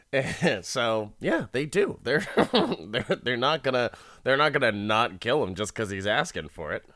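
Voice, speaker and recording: A man's voice: mid-range voice, big pitch swings, a little slow, fairly bright tone, no room sound, studio quality. A man casually recapping a movie, laughing often, swearing freely and rambling.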